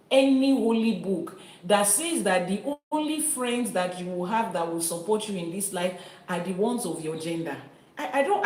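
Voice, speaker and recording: A woman from Nigeria hosting a live-stream teaching, talking earnestly and emphatically to her viewers and reading their comments. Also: mid-range voice. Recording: echoey room.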